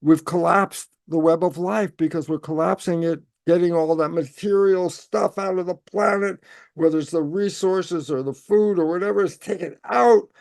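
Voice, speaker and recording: A man speaking as an interview guest, explaining in an animated way and answering his own rhetorical questions. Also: high-pitched, normal speed, creaky, dry recording, studio quality.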